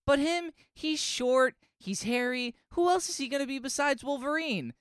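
A man voicing a cocky, wisecracking male cartoon duck in a high, breezy voice. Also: moderate pace, a bit bright, no room sound, clean studio sound. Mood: blunt.

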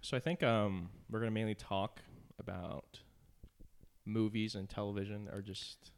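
A man's voice: lowish voice, little pitch movement, normal speed, clear, resonant tone. A young man co-hosting a podcast, teasing his friend, laughing easily and swearing. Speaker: podcast co-host. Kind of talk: casual profane chat.

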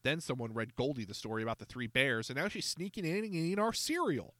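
A man reading a children's mystery aloud, voicing an angry, frustrated boy goalie in a raised, higher voice. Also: animated, fast talker, no echo. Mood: aggrieved. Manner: loud, indignant, pleading.

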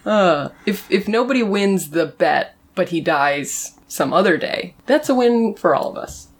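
Lively, low-voiced female podcast co-host. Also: slightly rough. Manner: dry, quick one-word interjections. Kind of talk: casual comedic podcast chat.

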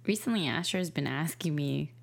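A woman co-hosting a podcast in casual chat, giggly and animated when telling stories. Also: sits low, fairly quick, gravelly.

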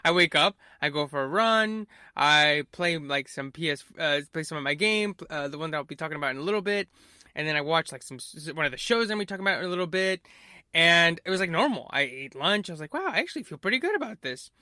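Bright-voiced young man telling a story. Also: a little high, quick pace, clean tone, no room sound, clean studio sound. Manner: rambling storyteller, many fillers and acted-out quotes. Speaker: podcast host. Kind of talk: casual podcast chat.

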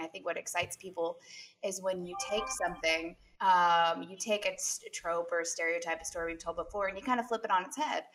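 A young woman, an actress guest, chatting on a video call, bubbly and quick to laugh. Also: medium pitch, a bit bright. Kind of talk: casual interview chat.

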